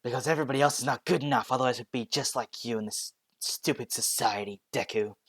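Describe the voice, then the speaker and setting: A man voicing a cruel, arrogant bully boy who talks fast and scornfully. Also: mid-range voice, husky, no room sound, clean studio sound, close to an everyday voice.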